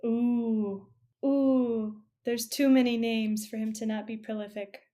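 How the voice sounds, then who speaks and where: A woman's voice: a little high, fairly even intonation, slow, dark tone. A woman co-hosting a podcast in casual chat, with playful, giggly reactions. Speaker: podcast co-host.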